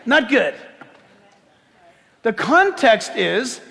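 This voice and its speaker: Animated preacher with a high voice. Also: male voice, drawn-out words, gravelly, big-room sound. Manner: animated, jokey, acts out the scripture scenes. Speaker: pastor. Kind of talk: sermon.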